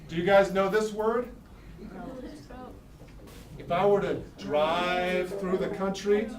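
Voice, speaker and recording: In this classroom lesson, a high-voiced man with a Philadelphia accent takes things slowly and pauses often, repeatedly asking "okay?" and "right?" Sound is distant and echoey, with faint background noise from the room.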